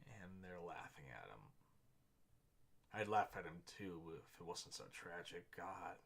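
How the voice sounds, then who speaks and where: A man's voice: sits low, sing-song, a little slow, gravelly, fairly bright tone, slightly rough. Man rambling through a comic reaction. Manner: rambling, wry asides between readings. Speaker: comic reviewer. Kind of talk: casual reaction commentary.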